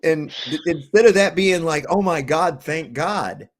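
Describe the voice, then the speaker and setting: A man's voice: on the high side, a little slow. A man hosting a livestream, reacting to clips with profane, sarcastic commentary and rants. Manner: sarcastic, ranting. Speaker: livestream host.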